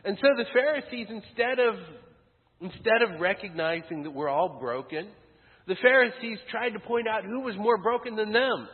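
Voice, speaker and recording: A man preaching a sermon as pastor, building to loud peaks and dropping to hushed lines. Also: sits high, animated, normal speed. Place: church sanctuary. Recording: thin phone-like sound with long church reverb.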